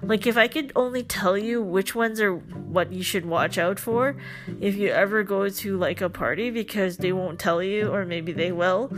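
A young woman of Filipino background hosting a podcast, telling a story in a chatty, casual way with lots of fillers and joking asides. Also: medium pitch. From Filipino family, lives in Canada. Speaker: podcast host.

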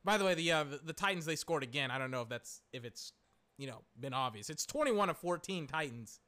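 Man, casual rambling chat, excitable, swears a lot, bright tense voice, slightly high. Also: a little fast. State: voice cracking.

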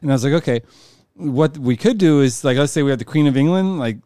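A man's voice: on the high side, lively intonation, quick pace, mellow, clear, resonant tone, dry recording, clean studio sound. A man co-hosting a podcast in casual comedic chat, rambling, laughing often and using many fillers. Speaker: podcast co-host.

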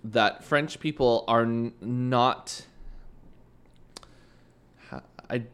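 A man's voice: mid-range voice, extremely slow, fairly bright tone, clean tone. A man from Canada co-hosting a casual recap chat, with a laid-back, profane way of telling the story. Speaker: podcast co-host.

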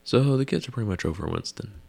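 A man's voice: on the low side, animated, fast talker, vocal fry, a little mellow. A man casually recapping a TV episode, rambling with wry asides and musing questions.

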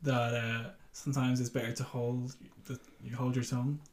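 Twenties man, podcast guest; halting, word-searching chat in a roomy, echoey space. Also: medium pitch, flat delivery. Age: 20s. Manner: hesitant, searching for words. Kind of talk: casual chat. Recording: roomy echo.

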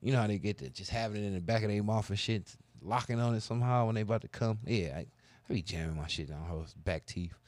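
A man with a low voice tells crude stories in a loose, profane, boastful way. The sound is close and dry, with no room around it. He drawls through casual talk with a co-host. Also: quick pace, dry recording. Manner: profane, boastful, animated storyteller. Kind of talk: casual storytelling chat.

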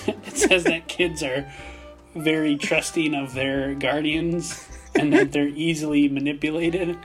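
A young man with a Minnesota accent, co-hosting a casual podcast chat, telling animated stories and laughing often. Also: fairly high pitch, slow, soft background music. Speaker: podcast co-host.

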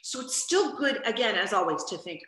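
A woman teaching an online history review lesson in an animated, chatty way, with many asides and questions to students. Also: mid-range voice, normal speed, echoey room, rough recording.

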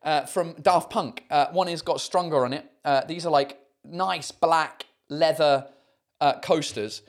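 A man's voice: on the high side, unhurried. A man hosting a casual livestream chat, rambling with many fillers and swearing freely. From United Kingdom. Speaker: host.

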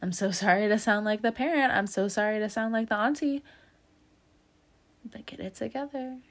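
A woman's voice: mid-range voice, fast talker. Woman, tarot reader talking to camera, chatty and giggly with a slangy, encouraging delivery, mid-range voice. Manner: chatty, laughs often, calls the listener fam and homie. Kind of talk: casual tarot reading to camera.

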